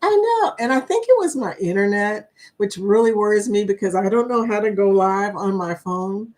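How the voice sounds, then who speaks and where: A woman hosts a live stream in a chatty, excitable way. She greets her viewers one by one and lets out whoops and laughs. Her pitch sits in the middle range for a woman. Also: moderate pace. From Kentucky, USA. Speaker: livestream host. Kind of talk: casual live-stream chat.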